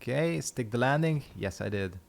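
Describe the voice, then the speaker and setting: A man's voice: medium pitch, expressive, moderate pace, gravelly. A man chatting casually while streaming a game, rambling and swearing freely. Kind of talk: casual gameplay commentary.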